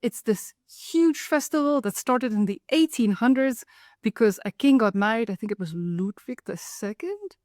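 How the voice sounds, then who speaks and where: A woman's voice: on the high side, normal speed, no echo, clean studio sound. Wry woman telling stories. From South Africa. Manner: lively, wry, acts out the people in her stories. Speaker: author and storyteller. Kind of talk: personal storytelling monologue.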